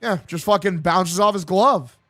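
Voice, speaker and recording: A man's voice: sits high, normal speed, fairly bright tone, no echo. A man with a sore throat calling a game as a fan streamer, swearing and getting fired up. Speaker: streamer doing a watch-along. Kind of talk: excited casual play-by-play with heavy swearing.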